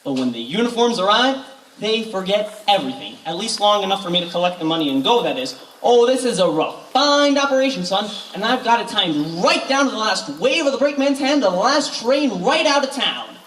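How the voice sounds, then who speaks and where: A teen doing a slick fast-talking con man. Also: medium pitch, close to an everyday voice. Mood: smooth scheming. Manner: fast, flattering salesman patter. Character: smooth-talking male con man posing as music professor. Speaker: teen actor in a camp stage play. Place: camp stage. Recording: echoey hall from far off, faint noise.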